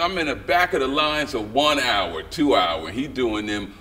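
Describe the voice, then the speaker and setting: A man's voice: medium pitch, unhurried, few pauses. A middle-aged man, a writer and director, telling stories as a guest in a casual interview and acting out the voices of people he quotes. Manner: animated storyteller who acts out quoted voices. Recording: slightly distant mic with faint background noise.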